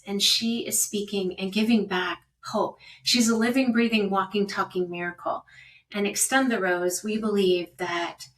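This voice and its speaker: A woman's voice: mid-range voice, a bit bright, distant mic. A middle-aged woman hosting an interview podcast, encouraging and affirming her guest with frequent amens. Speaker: podcast host.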